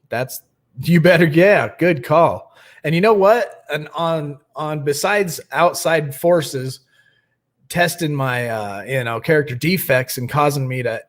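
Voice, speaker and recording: A young man hosting a nightly recovery livestream, chatting casually and greeting viewers by name. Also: fairly high pitch.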